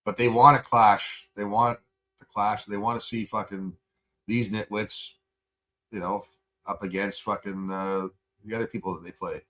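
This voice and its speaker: A man's voice: lowish voice, little pitch movement, moderate pace, fairly bright tone. A male livestream host in a profane, rambling casual rant, laughing often.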